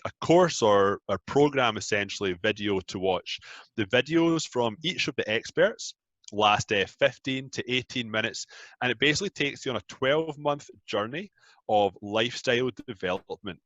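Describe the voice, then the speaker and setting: Chatty Scottish man, bright voice. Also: fairly low pitch, moderate pace, no echo, lo-fi sound. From Scotland. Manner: chatty, self-deprecating, laughs easily. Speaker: guest, app founder. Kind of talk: casual interview chat.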